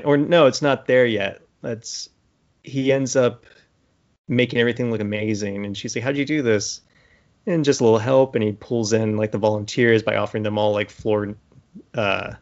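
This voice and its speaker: A man's voice: lowish voice, creaky, highs cut off. A man in casual podcast chat, animatedly retelling a TV episode with lots of fillers. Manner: animated retelling with acted-out quotes, many fillers. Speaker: podcast co-host.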